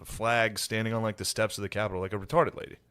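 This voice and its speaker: Male podcast co-host; low register, deadpan irony, dry mic. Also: quick pace, clear, resonant tone, no echo. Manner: deadpan, ironic, breaks into mocking voices. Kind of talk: casual chat.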